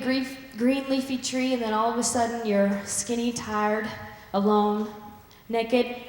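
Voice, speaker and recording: A woman preaching a sermon and retelling a story with lively acted-out voices. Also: a little high. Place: church sanctuary. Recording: echoey church hall.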